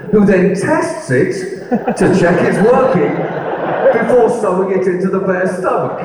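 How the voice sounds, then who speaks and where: A man's voice: high voice, very noisy. A man doing stand-up storytelling with rambling, self-deprecating asides, on a stage in a large hall. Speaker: stand-up comedian. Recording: echoey hall, mic at a distance, audience ambience.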